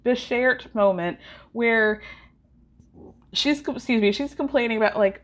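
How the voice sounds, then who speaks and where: A woman's voice at an everyday middle pitch, talking loosely and full of filler words. She's a podcast host recapping a TV episode in a gossipy, conversational way. She often turns to her listeners with asides. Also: steady tone, normal speed. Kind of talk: casual pop culture TV recap.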